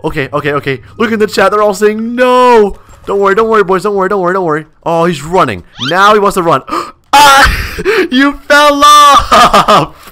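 A man with a bright, forceful, fairly high voice commentating his own gameplay as it happens. He talks in quick, excitable bursts and often repeats the same phrase several times. He laughs often as he reacts to his chat. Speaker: gaming YouTuber.

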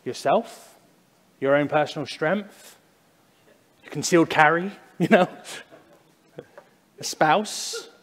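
A male pastor gives a sermon in a church, his voice sitting a little higher than most men's. He speaks in a relaxed, conversational way, acting out loud cries and then dropping to quiet, slow stresses. A long reverb trails his words through the room. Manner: conversational preaching, shifts from loud acted prayers to hushed, slow emphasis. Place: church sanctuary.

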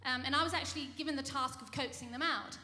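A female cabaret singer and bandleader delivers a comic stage monologue, a mock-earnest tall tale that rambles along with lots of ums and restarts. Her voice is high, bright and steady in tone, and she talks fast, recorded live in a roomy, echoing venue.

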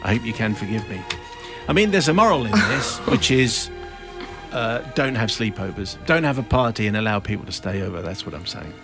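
A man's voice: fairly low pitch, expressive, fairly quick, over music. A man hosting a radio show, reading out a listener's confession in a wry storytelling manner with chuckles, then chatting in the studio. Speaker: radio host. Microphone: studio microphone.

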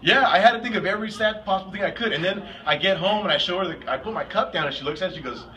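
A man's voice: sits high, racing, a little hiss or hum, poor audio. A man eagerly telling a funny personal story, laughing as he goes and acting out the other people. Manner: animated, laughs while telling, acts out quotes. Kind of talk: casual storytelling.

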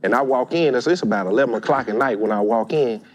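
A man's voice: medium pitch, fast talker, over music. Man telling a story. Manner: animated, acts out quoted voices. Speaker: guest storyteller. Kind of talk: casual storytelling.

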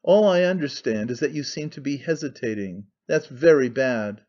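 A man reading an audiobook, voicing an excitable, scheming young conspirator who talks fast and wheedles. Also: medium pitch, highs cut off, close to an everyday voice. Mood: probing. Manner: fast-talking, wheedling, sly.

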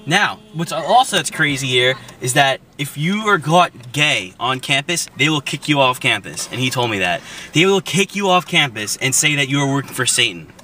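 A young man rants in a blunt, cussing vlog style. He sounds set back from the mic, and loud traffic noise fills the outdoor scene behind him. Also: mid-range voice, animated, normal speed, distant mic. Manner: blunt and profane, with fillers. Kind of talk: casual vlog chat.

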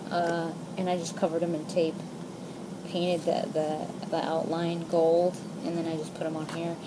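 A woman's voice: sits low, monotone, measured pace, noisy background. A woman talking casually in a behind-the-scenes vlog, rambling and hesitant with many fillers, partly from her home garage. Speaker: cosplayer and video maker.

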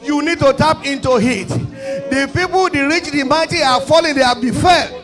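A Nigerian-accented male pastor with an unusually high voice, preaching in impassioned bursts that often rise to a shout. He repeats his calls to prayer again and again. A congregation murmurs faintly in the background. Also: moderate pace, soft background music, a faint crowd. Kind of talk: fervent prayer-leading sermon. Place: church service.

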